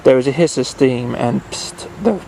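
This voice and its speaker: A man reading a bedtime story aloud at an unhurried, halting pace, often restarting his phrases. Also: mid-range voice, animated, creaky, mellow, a little hiss or hum, rough recording.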